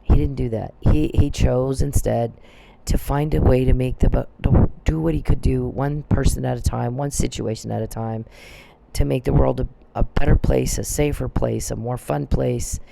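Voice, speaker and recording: A man's voice: mid-range voice, fairly even intonation, normal speed, gravelly, dark tone, slight background noise. A man delivering a profane, confrontational rant that speaks straight at the people he blames, often repeating and restarting phrases. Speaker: vlogger. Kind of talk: angry ranting monologue.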